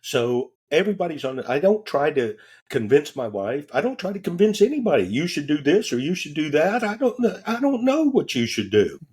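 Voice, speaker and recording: A man, a podcast guest, telling stories in a casual, animated way, acting out the voices he quotes and cursing offhandedly. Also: on the high side, a little fast, slightly rough. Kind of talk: casual storytelling.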